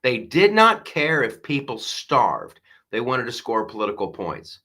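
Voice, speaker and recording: A man's voice: medium pitch, sing-song, a little slow, sharp tone. A man hosting a live comedy news show, ranting with exasperated sarcasm and frequent restarts.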